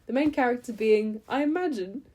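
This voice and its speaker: A woman's voice: on the high side, fairly quick, dark tone, slight background noise. A young woman talking through books she read in a chatty, enthusiastic vlog, with lots of ums and restarts. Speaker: book vlogger. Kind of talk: casual book review chat.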